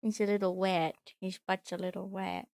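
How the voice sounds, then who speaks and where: A woman streaming from home, chatting casually and cooing to her pet in soft baby talk. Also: mid-range voice, level tone, moderate pace, creaky, dry recording, studio quality. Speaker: VTuber streamer.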